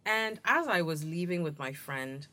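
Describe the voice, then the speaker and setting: A woman tells a story on a podcast, voicing everyone in it as she goes. Her speech is lively and indignant, and her pitch sits a little low. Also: normal speed. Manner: animated, indignant retelling with quoted dialogue. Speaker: podcast host. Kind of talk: casual storytelling chat.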